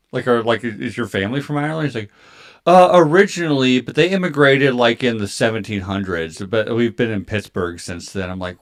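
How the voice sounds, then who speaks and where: A man in his thirties telling a story in casual chat, animated and full of filler words and swearing. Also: fairly low pitch. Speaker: podcast co-host.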